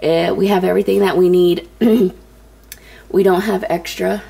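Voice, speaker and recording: A woman's voice: lowish voice, steady tone, measured pace, creaky, dark tone, slightly rough. A young woman, a little out of breath, chatting casually with viewers as she walks through her home organization tips, with lots of ums. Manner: chatty, many ums, addresses viewers as you guys. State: slightly out of breath. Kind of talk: casual tutorial narration.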